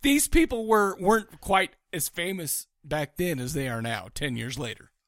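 A man with a notably high voice co-hosts a casual podcast, talking excitedly about films. He swears freely and breaks into laughter. The sound is dry and close. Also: normal speed, no room sound. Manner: excitable, profane, laughs often. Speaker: podcast co-host. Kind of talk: casual movie review chat.

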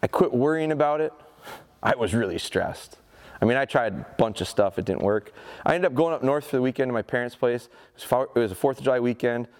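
A man in his forties giving a live dog training seminar, telling stories in an animated, folksy way and speaking to the audience. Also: mid-range voice, fast. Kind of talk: live seminar talk with demonstration. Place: seminar hall at an outdoor show.

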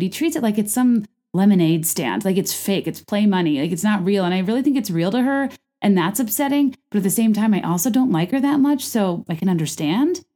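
Woman podcast host, casual and rambling, lots of fillers, pitch leaps for emphasis. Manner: chatty, rambling, many fillers and restarts; lively jumps in pitch for emphasis. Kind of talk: casual chat about reality TV.

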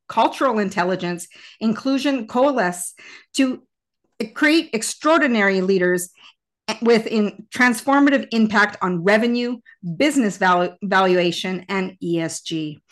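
A woman hosting an interview podcast, introducing her guest in measured list-like phrases and asking questions. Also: fairly high pitch. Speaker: podcast host.

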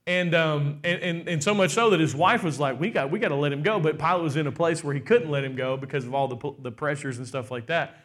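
A man's voice: fairly high pitch, fairly quick, hardly any pauses, fairly bright tone. A pastor preaching a sermon, often asking the congregation "how many know" and stressing his words. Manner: rhetorical, asks the crowd "how many know", emphatic.

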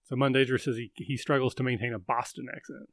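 A man's voice: medium pitch, level tone, quick pace, fairly bright tone, no room sound. A man hosting a casual live chat, rambling and thinking aloud with lots of fillers. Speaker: livestream host.

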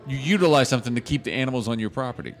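A man co-hosting a comedy podcast, relaying news stories with halting restarts and dry puns. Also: medium pitch, lively intonation, faint music behind. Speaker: podcast co-host. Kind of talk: casual comedy chat.

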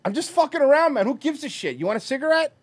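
Excitable podcast co-host, a man with a high, animated delivery, teasing. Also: fast, dry recording. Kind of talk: casual comedic banter.

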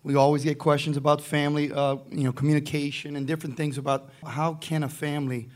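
Hoarse man, quick and flat. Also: on the high side. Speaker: podcast co-host. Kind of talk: live podcast chat. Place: conference stage before a live audience.

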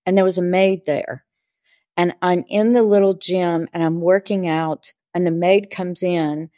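A woman's voice: fairly low pitch, steady tone, a little slow, dark tone, no echo, studio quality. A woman who works as a spiritual teacher, telling stories in an interview and acting out the dialogue earnestly. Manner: earnest, vivid storyteller who acts out dialogue. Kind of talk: interview storytelling.

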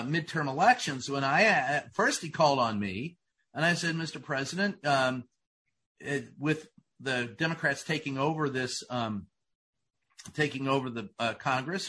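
A middle-aged man, a reporter, telling a long story casually, halting often with fillers and restarts. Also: mid-range voice, bright, forceful tone, slight background noise. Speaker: White House correspondent.

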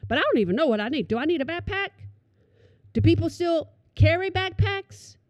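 A middle-aged woman telling comic stories to an audience, animated and calling them y'all. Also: very high voice, a little fast, no echo. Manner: animated, addresses listeners as y'all. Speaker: storyteller.

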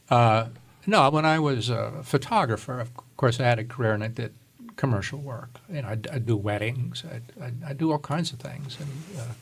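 A man's voice: medium pitch, moderate pace, creaky, slightly rough. An older man talking thoughtfully as a guest on a radio interview, laughing easily now and then. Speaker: guest, photographer and author. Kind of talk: reflective interview talk, with a read passage.

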